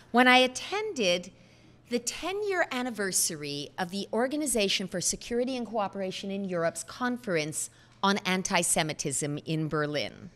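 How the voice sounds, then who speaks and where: Earnest woman giving a measured speech. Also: mid-range voice, fairly bright tone. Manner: earnest, measured oratory with emphatic pauses. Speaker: speaker at a foundation event. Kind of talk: prepared speech.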